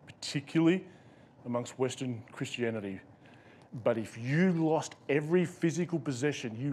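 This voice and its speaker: An Australian male pastor preaching a sermon in a conversational, storytelling way. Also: mid-range voice.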